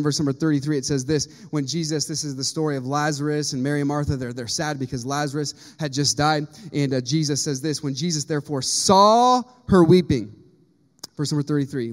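A man preaching a sermon to his church, earnest and rising to emphatic, repeated appeals. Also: on the high side. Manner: earnest, building to emphatic peaks with repeated phrases. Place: church sanctuary. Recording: long reverb of a church hall.

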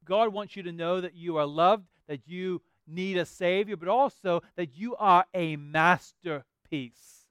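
A man's voice: high-pitched, measured pace, few pauses, fairly bright tone, clean tone, dry recording. A middle-aged man preaching a sermon as a pastor, earnest and conversational with emphatic rises.

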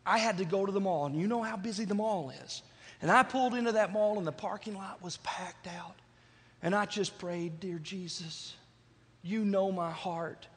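A smug, boastful churchgoing friend, as a preacher man puts him on, telling his tale in a soft, hushed, self-satisfied voice. The voice is high and echoes through a large church hall with long reverb. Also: normal speed, slightly rough.

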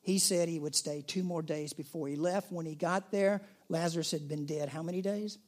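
A man with a high voice preaches like he is telling a story to friends, with restarts and asides. His delivery as a pastor stays conversational. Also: steady tone, moderate pace. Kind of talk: sermon.

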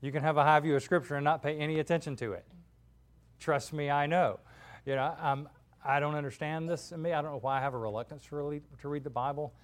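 A man preaching a sermon in a conversational, candid way, animated as he retells stories. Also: fairly high pitch, fast talker.

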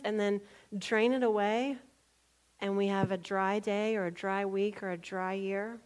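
A woman preaching a sermon, telling personal stories, laughing often and dropping to a near whisper for quiet moments. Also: mid-range voice, unhurried. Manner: storytelling, animated, laughs often, drops to near-whisper for quoted prayers.

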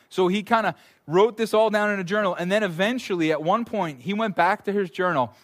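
A male pastor preaching a conversational, animated sermon, often repeating words as he goes. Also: fairly high pitch.

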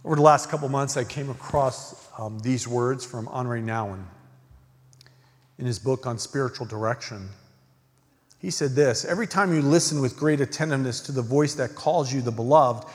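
A man preaching a sermon as pastor, earnest, swinging from emphatic questions to hushed, near-whispered lines. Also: medium pitch, normal speed. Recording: long reverb of a large hall.

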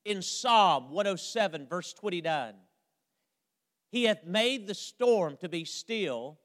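A man's voice: high voice, lively intonation, slow pace, fairly bright tone. A man preaching a sermon, quoting scripture emphatically and drawing out the ends of his phrases. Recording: long hall reverb.

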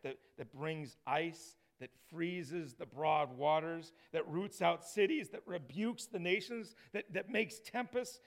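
A man preaching a sermon, swinging from loud emphatic lines to soft hushed ones. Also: a little high, creaky. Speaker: pastor.

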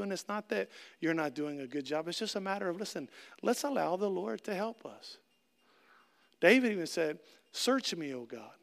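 Middle-aged pastor guy with a high voice, chatty sermon, keeps asking the crowd stuff and acting out bits. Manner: conversational preaching, asks the congregation questions; jokes and acts out little scenes.

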